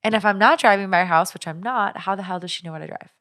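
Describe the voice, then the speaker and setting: A woman co-hosting a podcast talks fast in a mid-range, fairly bright voice. She tells a personal story about a stalker in rambling, chatty fashion, full of "like" and restarts.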